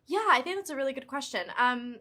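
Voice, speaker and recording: Young British woman, actress on a press day, bright-toned, chatty, loose with fillers. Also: sits high, quick pace. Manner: chatty, animated, many fillers. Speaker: actress and author being interviewed. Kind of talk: casual press junket interview.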